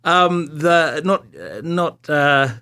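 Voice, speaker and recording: A man guesting on a radio talk show, relaxed and a little hesitant. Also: fairly high pitch, takes it slowly, clean tone. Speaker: party leader, radio guest. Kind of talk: casual chat.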